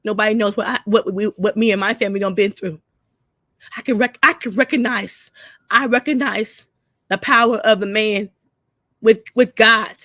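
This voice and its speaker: A vlogger in tears delivers an emotional rant to her camera, profane and repeating herself over and over. Her medium-pitched voice is steady and fairly bright at a moderate pace, captured in studio quality without room sound.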